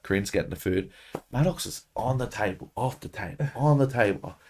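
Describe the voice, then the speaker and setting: An Australian man, a podcast guest, telling a story in casual chat, animated and constantly swearing. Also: lowish voice, fairly quick, gravelly, a little hiss or hum.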